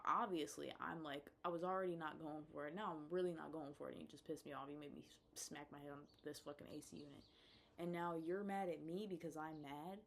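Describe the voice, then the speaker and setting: A woman's voice: on the low side, a little hiss or hum. Blunt, profane young woman ranting. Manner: blunt, profane, exasperated, swings between muttering and loud outbursts. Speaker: vlogger. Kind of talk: casual storytime rant.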